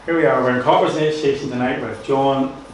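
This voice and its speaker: A man's voice: mid-range voice, steady tone, normal speed, a little hiss or hum. A man with a Northern Irish accent interviewing a guest in a gospel hall, prompting with friendly questions and many fillers. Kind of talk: conversational interview. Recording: echoey hall, mic at a distance.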